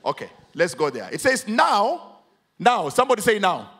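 Man, Kenyan accent, pastor, high lively voice, hushed then emphatic. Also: normal speed, breathy edge. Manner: preaching, switches between English and Swahili; dramatic, swings from hushed to loud emphatic. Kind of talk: sermon with congregation call-and-response.

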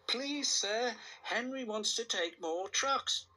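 A man's voice: very high-pitched, expressive, slow, pushed and bright, voice pushed up, full character voice. A man voicing a small, eager, mischievous male engine in a storybook reading.

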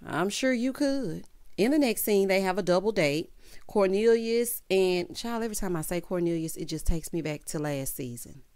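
Sassy, animated woman recapping reality TV. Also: mid-range voice, normal speed, no room sound. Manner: animated, sassy, playful asides. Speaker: recap vlogger. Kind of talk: casual reality-show recap.

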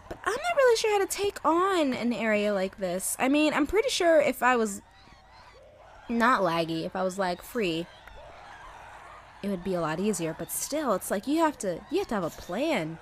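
A young woman giving casual, sarcastic let's play commentary, talking to the game's creatures as she plays. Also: fairly high pitch. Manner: animated, sarcastic, talks to game creatures.

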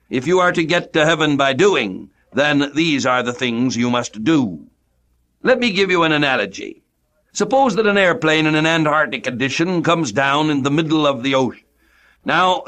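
A middle-aged man from the United States preaching a radio sermon with a formal, measured cadence. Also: on the high side, fairly bright tone.

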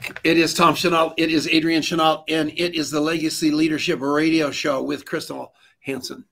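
A man's voice: fairly high pitch, level tone, moderate pace, gravelly, a bit bright. A man co-hosting a radio show, giving an effusive, praising introduction of his guests.

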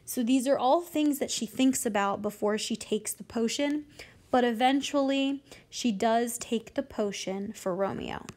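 A woman's voice: fairly high pitch, unhurried, a little mellow. Woman teacher explaining a play. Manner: plain, explanatory, casual. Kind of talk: classroom read-aloud with explanation.

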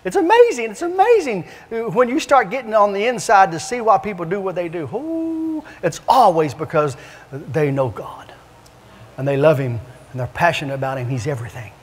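A man evangelist preaching and telling stories in an animated, repetitive, emphatic way in a church. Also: sits high, normal speed. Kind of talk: preaching with storytelling. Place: church sanctuary. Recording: long church-hall reverb.

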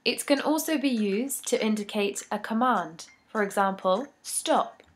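A woman giving a scripted English grammar lesson, reading each rule and example in a measured, deliberate way. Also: medium pitch. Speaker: English teacher.

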